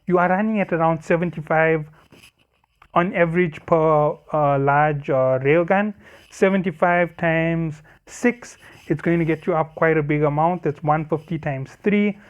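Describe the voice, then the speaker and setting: Man explaining a ship build, slightly high voice. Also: unhurried, clear, resonant tone, muffled recording. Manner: explanatory, self-correcting, apologetic asides. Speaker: game guide creator. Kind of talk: casual game build walkthrough.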